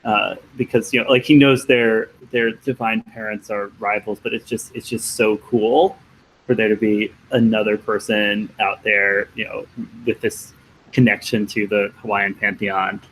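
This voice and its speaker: Low-voiced man, casual tabletop player. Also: flat delivery, unhurried, fairly bright tone, slight background noise, low-quality recording. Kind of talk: casual chat.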